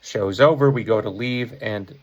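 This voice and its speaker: A rock musician in his fifties from the Chicago area, USA, tells a casual anecdote to camera, rambling, correcting himself, and chuckling. His voice is lowish at a normal speed, and the recording is muffled.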